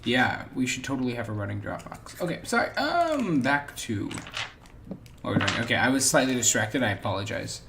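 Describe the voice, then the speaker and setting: Man, player-host, lively pitch, umming and distracted. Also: a little fast, vocal fry, noisy background. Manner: distracted, hesitant with many ums. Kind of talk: casual tabletop play chat.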